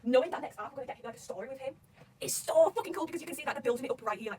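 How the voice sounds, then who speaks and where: A woman talking loudly and excitedly about a manga, swearing constantly in casual fan commentary. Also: on the high side, racing, recorded from a distance, slight background noise. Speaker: manga reaction vlogger.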